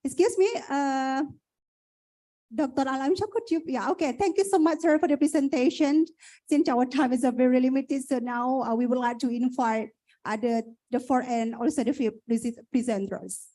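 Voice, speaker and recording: A woman's voice: high voice, normal speed, dark tone, low-quality recording. A woman, moderating an academic conference in a polite, formal way with many fillers. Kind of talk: hosting an online academic conference.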